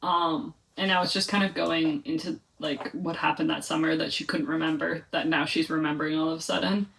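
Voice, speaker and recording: A woman's voice: deep voice, fairly even intonation, a little fast, creaky, a bit bright, a little hiss or hum. A young woman chatting casually in a reading vlog at home, rambling with lots of filler words. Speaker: book vlogger. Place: home, reading in bed or on couch. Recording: voice a bit far from the mic.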